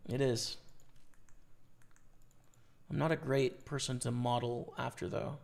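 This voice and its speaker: A man's voice: medium pitch, fairly even intonation, takes it slowly, creaky. A man with a Canadian accent commentating his own poker play on a live stream, chatting casually and hyping up his viewers. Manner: casual, hyped shout-outs to chat.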